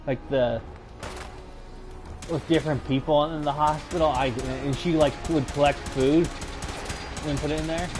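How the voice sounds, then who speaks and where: A man's voice: fairly high pitch, steady tone, normal speed, pauses often, over music. A young man telling his own stories casually, rambling and hesitant, with lots of fillers and restarts. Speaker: channel host recounting personal stories. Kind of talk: casual storytelling.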